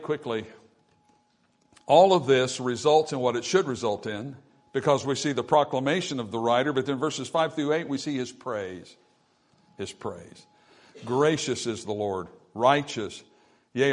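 A man preaching a sermon, his voice swelling loud and dropping soft, with scripture read aloud in old-style wording. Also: mid-range voice, animated, a little slow. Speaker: pastor.

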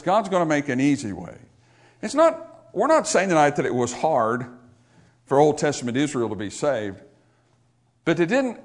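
A man preaching a sermon to a church congregation, swinging between loud, raised exhortation and quiet, low asides, and often asking the people questions. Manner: talks to the congregation with questions and calls. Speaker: pastor.

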